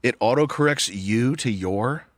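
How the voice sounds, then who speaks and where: A man rants with profane, incredulous questions in a casual podcast chat. His voice sits at a middle pitch. The recording is close and dry. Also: unhurried, no room sound. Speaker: show co-host.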